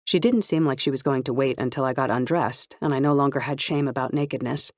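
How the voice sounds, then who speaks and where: Steady audiobook narrator, dry close sound. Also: mid-range voice, fast, dry recording. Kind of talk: first-person novel narration.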